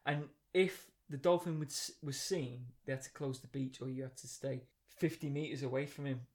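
A man's voice: medium pitch, normal speed. A man co-hosting a podcast, telling stories with lots of energy and laughing often. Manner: animated storyteller, laughing often. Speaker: podcast co-host. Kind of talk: casual chat.

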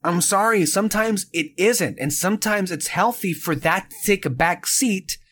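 A man co-hosting a podcast, chatting casually and ranting with animated annoyance. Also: sits high, moderate pace. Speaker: podcast co-host.

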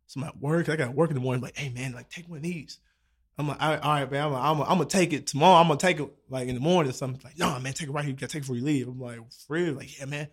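A young man with a voice a little higher than most men's. He tells a story to his friends in an easy, animated way, slips into the voices of the people in it and swears freely. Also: rapid-fire, breathy edge. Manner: animated, acts out quoted dialogue, swears freely.

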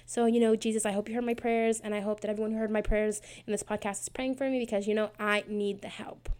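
A woman in her twenties chats casually on her own prayer podcast, rambling, joking at her own expense, and filling gaps with fillers. Her mid-range voice is clear, resonant, and darkish, with little pitch movement and a quick pace.

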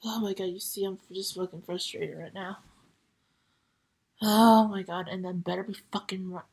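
A sick young woman hosting her podcast, hoarse and tired, often slipping into a whisper as she talks with halting, frustrated swearing. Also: medium pitch, steady tone, a little mellow. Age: young adult. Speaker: podcast host. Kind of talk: casual solo podcast chat.

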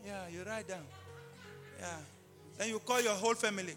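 A man preaching a live sermon in an impassioned way, repeating key phrases and bursting into shouts. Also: sits high, normal speed. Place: large church hall. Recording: live hall reverb with faint music.

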